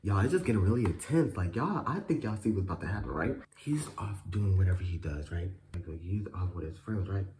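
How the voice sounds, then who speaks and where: A young man in a casual storytime vlog, telling a school story in animated, profane bursts with sudden jumps in pitch. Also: fairly quick, hardly any pauses, background noise. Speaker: vlogger.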